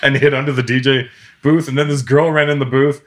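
A comedian telling stories in casual chat, acting out quotes with big jumps in his voice. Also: brisk. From Canada. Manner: animated, acts out quotes with big pitch jumps.

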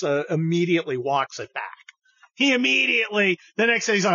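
Male podcast host, sarcastic, profane, heated, bright edgy voice, dry dull recording. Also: sits high, animated, fast, dry recording. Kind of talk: casual political commentary.

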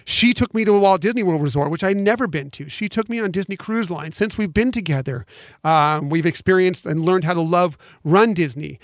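A man's voice: high-pitched, a little fast, dry recording, clean studio sound. A man co-hosting a podcast, talking sentimentally and rambling with many ums. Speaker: podcast co-host. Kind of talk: casual podcast chat.

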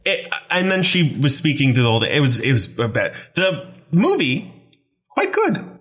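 Male co-host, casual rambling chat, wry, bright tone. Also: mid-range voice, expressive, fast. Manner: rambling, wry, self-deprecating. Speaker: podcast co-host.

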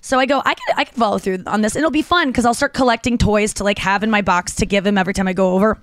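A woman in her thirties co-hosting a podcast, telling animated stories in casual chat with lots of restarts and fillers. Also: mid-range voice, fast, no room sound. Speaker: podcast co-host.

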